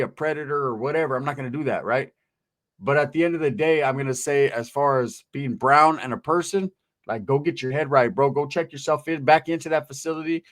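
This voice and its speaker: A middle-aged man from Northern California hosting casual street commentary, rambling in profane, streetwise slang. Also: fairly high pitch. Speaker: host, commentator.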